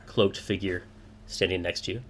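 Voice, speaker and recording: A man's voice: deep voice, fairly even intonation, normal speed, fairly bright tone. A man narrating a tabletop game as game master, hesitant and full of filler words.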